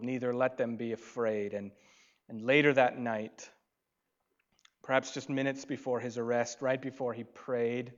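A man preaching a sermon at an unhurried pace. His delivery swings between loud, emphatic lines and soft, hushed asides. The recording sounds dull and lo-fi. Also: medium pitch. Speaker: pastor.

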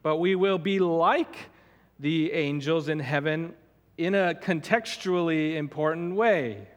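A man's voice: a little high, takes it slowly. A male pastor preaching an expository sermon, emphatic, repeating and stressing words as he teaches. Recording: long hall reverb.

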